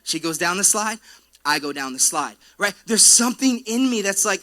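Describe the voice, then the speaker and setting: A young man preaching to his church in a relaxed, joking way, with a high, bright voice that carries. He tells playful stories and keeps turning to the congregation with asides. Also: normal speed. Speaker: pastor. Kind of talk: sermon. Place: church auditorium.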